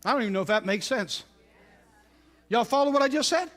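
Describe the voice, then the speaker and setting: Middle-aged pastor, very high voice, storytelling sermon style, swings from loud to hushed. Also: male voice, lively intonation, fairly quick.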